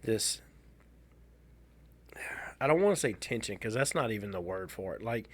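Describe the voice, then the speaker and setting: A man, co-hosting a podcast and telling a personal story in a casual, halting, wry way. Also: on the low side, expressive, slightly rough. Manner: halting, restarts a lot, candid and wry. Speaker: podcast co-host.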